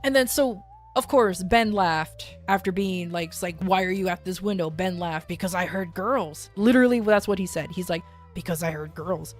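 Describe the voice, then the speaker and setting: A woman streamer casually telling a long story, rambling with many fillers and restarts. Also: mid-range voice. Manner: rambling, filler-heavy, animated retelling.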